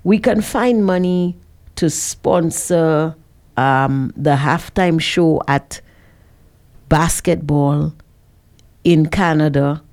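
A woman hosting a call-in radio show who answers callers in a measured, sympathetic way. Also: sits low, darkish tone. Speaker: radio talk show host.

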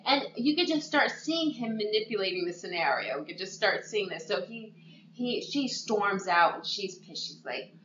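Animated woman recapping a story. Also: normal speed, a little hiss or hum. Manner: animated storyteller who acts out quotes in a higher voice. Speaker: podcast co-host. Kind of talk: casual chat recapping a TV movie. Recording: echoey room, dull lo-fi sound.

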